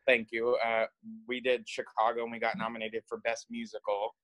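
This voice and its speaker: A male high school student asking a hesitant question on a video call. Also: monotone, moderate pace, a bit bright, low-quality recording.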